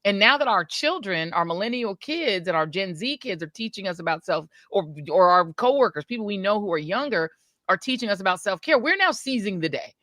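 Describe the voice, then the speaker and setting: A woman in her forties co-hosting a podcast, chatting casually in an animated, emphatic, colloquial way while tired and grumpy. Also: medium pitch, brisk, no echo, clean studio sound. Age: 40s. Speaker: podcast co-host. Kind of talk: casual chat.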